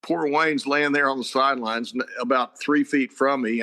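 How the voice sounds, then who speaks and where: Bright-voiced older football coach. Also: male voice, mid-range voice, a little fast, few pauses. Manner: animated, laughing storyteller. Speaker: football head coach, guest. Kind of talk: storytelling in a casual chat.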